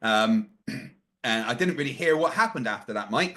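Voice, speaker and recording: A man hosting a casual talk show, telling a story with lively voices for the people he quotes. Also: medium pitch, moderate pace. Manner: animated, acts out quoted voices. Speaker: podcast host.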